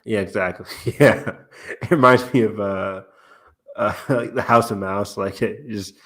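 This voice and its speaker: Low-voiced man rambling on a podcast. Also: unhurried, fairly bright tone. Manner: rambling, filler-heavy, laughs often, swears casually. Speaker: podcast host. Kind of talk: casual fan podcast chat.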